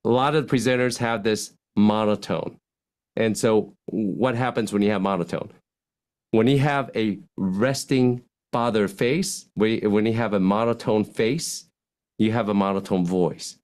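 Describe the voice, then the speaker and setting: Animated man coaching on vocal delivery. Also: measured pace. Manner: animated, swings pitch widely to demonstrate points; acts out example lines in contrasting tones. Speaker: physician guest speaking on communication. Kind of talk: podcast interview, coaching talk.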